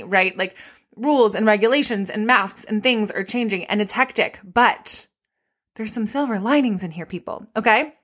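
Young woman, podcast host, pregnant, chatty, candid, casual swearing, into a podcast mic. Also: medium pitch. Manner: chatty and candid, swearing freely, animated asides. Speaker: podcast host and fitness instructor. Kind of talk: casual solo podcast monologue. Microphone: podcast microphone.

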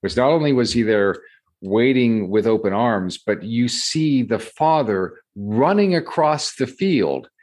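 A man's voice: medium pitch, animated, a little slow, a little mellow. A man hosting a podcast interview, affirming and reflective as he responds to his guest. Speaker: podcast host.

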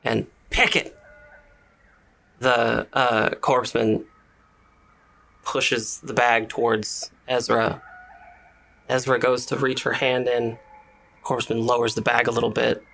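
A man narrating a tabletop game as game master, measured and hesitant, with fillers. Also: mid-range voice, flat delivery, gravelly, fairly bright tone.

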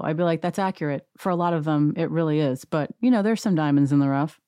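A woman hosting a reality TV recap, talking in a sarcastic, animated rant. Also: on the low side, racing, hardly any pauses, dry recording, studio quality. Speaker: podcast host.

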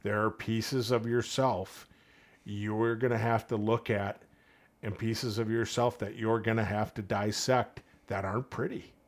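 Earnest man telling stories, low voice. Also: fairly even intonation, a little slow. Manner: earnest, storytelling with quoted voices. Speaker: podcast guest. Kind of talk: casual podcast conversation.

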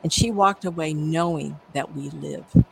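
A woman's voice: low voice, a little slow, gravelly, slight background noise, rough recording. A middle-aged woman, a psychic medium, telling stories animatedly in an interview and acting out the voices. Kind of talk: conversational interview storytelling.

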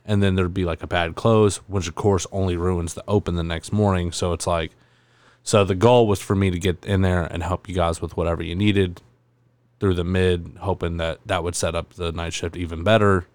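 Young man, low voice, halting casual chat, dry close sound. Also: level tone, darkish tone, clean tone, no echo. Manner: halting, with many fillers and restarts.

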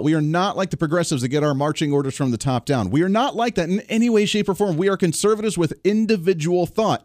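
A man's voice: on the high side, no echo. Emphatic male talk radio host. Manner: emphatic, animated. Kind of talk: political commentary monologue.

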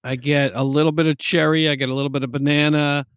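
A man with a slightly raised pitch chatting casually over a whiskey tasting, tossing in wry jokes and asides. The sound is dry and close, with no room echo. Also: level tone, fast talker, a bit bright, clear, resonant tone. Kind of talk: casual chat.

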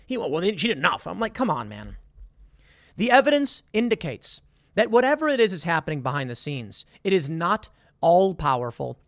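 Man, emphatic commentator, high lively voice, dry close sound, stammers and quotes people mid-rant. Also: no room sound. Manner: emphatic, repeats words and acts out quotes. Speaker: political commentator. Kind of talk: animated monologue.

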